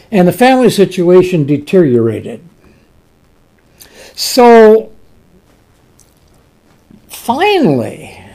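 A preacher delivering a sermon in a deliberate way, retelling scripture with emphatic asides. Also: mid-range voice, warm tone.

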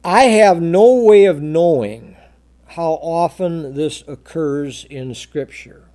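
A man preaching a verse-by-verse Bible sermon, drawing out scripture quotes slowly and emphatically, often repeating words and restarting sentences. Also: fairly high pitch, mellow. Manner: emphatic, slow, drawn-out quoting of scripture.

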